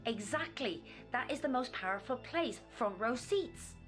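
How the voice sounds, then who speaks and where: An actress with an Irish accent playing a rambling, conspiracy-minded woman in a game, ranting fast about cover-ups. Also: fairly high pitch, expressive. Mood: worried. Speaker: game character. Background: game music.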